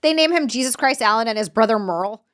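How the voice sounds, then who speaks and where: A young adult woman co-hosting a podcast, chatting casually with frequent laughter and loose swearing. Her voice sits a little high and she talks in an animated way. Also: fast talker. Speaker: podcast co-host. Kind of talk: casual chat.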